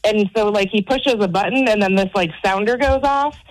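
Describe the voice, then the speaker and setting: A woman's voice: medium pitch, normal speed, no echo, rough recording. A woman co-hosting a radio show, gushing and rambling with lots of fillers. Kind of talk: casual radio banter.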